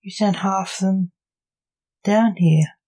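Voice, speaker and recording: A woman voicing a gruff, weary male Lord of Hell who grumbles at his son. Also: mid-range voice, fairly even intonation, slow pace, dark tone, rough recording. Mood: grumbling. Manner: grumbling, curt.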